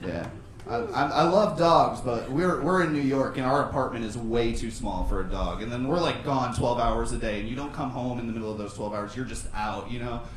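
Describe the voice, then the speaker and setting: A man doing a stand-up set with crowd work on a club stage, talking loosely and breaking into shouted voices. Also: mid-range voice, fairly quick, a little hiss or hum. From USA. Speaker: stand-up comedian. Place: comedy club stage with live audience. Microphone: handheld stage microphone. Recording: roomy club sound, mic at a distance, audience laughter.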